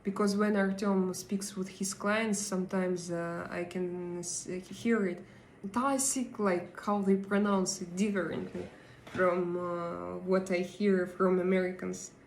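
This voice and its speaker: A woman hosting a live stream and chatting with viewers, hesitant and pausing often as she searches for her English words. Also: lowish voice, fairly even intonation, roomy sound, a little hiss or hum, rough recording. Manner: hesitant, many pauses and fillers while searching for English words. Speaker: livestream host. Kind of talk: casual live chat, answering viewer comments.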